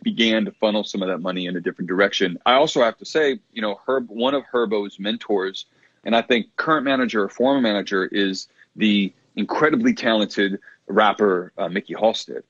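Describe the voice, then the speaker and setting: Husky-voiced man talking music on radio. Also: fairly low pitch, a little fast, fairly bright tone, dry recording, dull audio. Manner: thoughtful, rambling with many restarts and frequent laughs. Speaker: radio co-host. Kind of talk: casual music talk.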